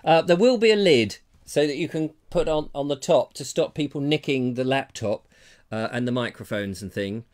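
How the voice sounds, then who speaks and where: An English man hosting a live comedy talk show from home, chatty and jokey, often addressing viewers as ladies and gentlemen. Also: medium pitch, normal speed. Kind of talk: casual live-stream chat. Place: terraced house.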